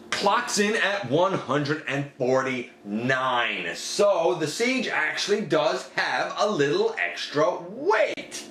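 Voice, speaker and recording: A man giving a casual product review, talking it through conversationally and jumping up in pitch on the words he stresses. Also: a bit bright, slight background noise. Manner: conversational, weighing pros and cons, pitch jumping up on emphasis. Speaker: toy reviewer.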